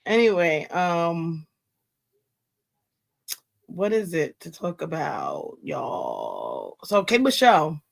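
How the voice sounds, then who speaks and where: A woman's voice: low voice, huge pitch swings, slow, gravelly, long pauses. A woman co-hosting a podcast in casual chat, laughing and pushing back, exasperated. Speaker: podcast co-host.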